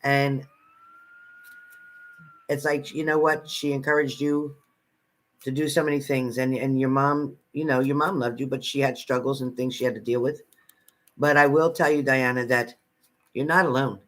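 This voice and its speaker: A man's voice: medium pitch, level tone, normal speed, long pauses, a bit bright. A man giving live psychic readings to viewers from home in a chatty manner, repeating phrases and calling people by name. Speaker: psychic reader.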